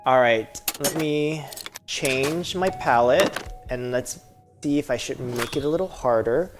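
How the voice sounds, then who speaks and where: A woman's voice: very deep voice, a little slow, noisy background. A woman streamer giving casual, rambling, joking commentary while playing, talking to her viewers. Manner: rambling, joking, talks to chat. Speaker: game streamer. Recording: game music behind voice.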